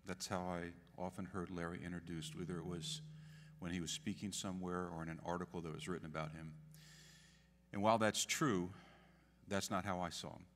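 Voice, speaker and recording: A very low-pitched man speaks as a pastor at a memorial. His tone is bright and forceful. He talks earnestly and pushes hard on key phrases, and the reverb of a long church hall trails after his words. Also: steady tone, brisk, slight background noise. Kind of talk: memorial eulogy. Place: church sanctuary.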